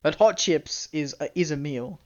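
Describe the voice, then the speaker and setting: A young Australian streamer rambling through relaxed live-stream chat, laughing often and swearing without a second thought. The voice sits at a middling pitch, and the mic sounds slightly dull and lo-fi. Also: moderate pace.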